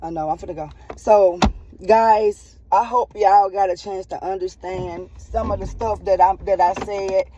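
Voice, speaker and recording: A woman's voice: medium pitch, steady tone, unhurried, noisy background. A woman telling a personal story and giving earnest, preachy life advice in a heartfelt vlog, repeating herself and checking in with "okay?". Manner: repeats and restarts phrases.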